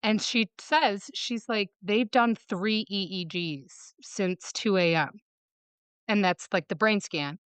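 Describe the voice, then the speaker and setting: This Michigan woman, a guest on a podcast, has a smooth mid-range voice with a slight brightness, and there's no echo. Her personal story comes out fast, full of "like" as she quotes what others said.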